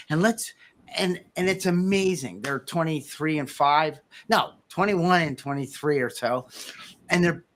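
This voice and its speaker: A podcast host telling an animated story in casual conversation, laughing easily. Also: medium pitch.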